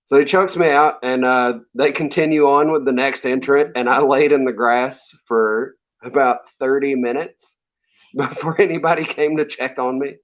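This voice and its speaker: A man's voice: mid-range voice, steady tone, moderate pace. Laid-back man telling stories, lo-fi. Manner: laid-back, rambling with fillers and laughs. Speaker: interview guest, wrestler. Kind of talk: casual storytelling. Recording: dull lo-fi sound.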